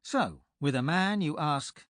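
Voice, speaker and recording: A man's voice: a little high, expressive, takes it slowly, fairly bright tone, dry recording. Guy teaching a lesson in a studio, bouncy up and down voice, super dry sound. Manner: clear, explanatory. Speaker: language tutor. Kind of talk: scripted audiobook instruction.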